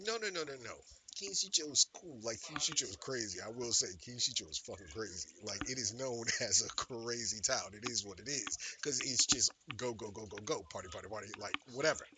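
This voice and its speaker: A male streamer telling a story in a casual, animated and profane way, with lots of emphasis. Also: medium pitch, a little fast, few pauses, background noise.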